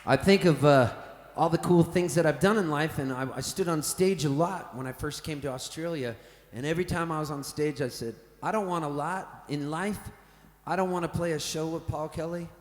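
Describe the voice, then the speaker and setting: A singer-songwriter from Canada telling a rambling, playful, cheerfully profane story to a live audience on a festival stage. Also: male voice, on the high side, normal speed. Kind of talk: comic stage storytelling between songs. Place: festival big top tent, live on stage. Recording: roomy reverberant live tent sound.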